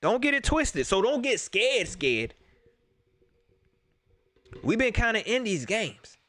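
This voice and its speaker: Animated, bright-voiced sports fan man. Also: high-pitched, takes it slowly. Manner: animated, repeats himself, laughs often; talks straight to viewers. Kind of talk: excited casual sports preview chat.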